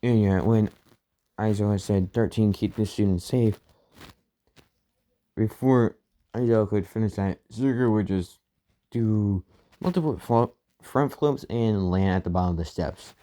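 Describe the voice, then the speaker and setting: A man's voice: on the low side, normal speed, mellow. A man casually retelling a fan-made story, rambling with many fillers and restarts.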